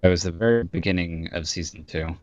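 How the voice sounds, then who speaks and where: A man with a very low, deep voice talks as an easygoing interview guest about his voice acting work, joking as he goes. The sound is dry and dull, like audio from an online call. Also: a little fast, no echo. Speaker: voice actor guest. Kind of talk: casual interview chat.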